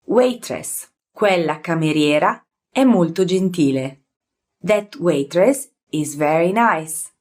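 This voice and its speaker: Low, slow Italian-accented woman teacher. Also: a little mellow. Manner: explains slowly with fillers and self-corrections. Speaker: language teacher. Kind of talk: language lesson.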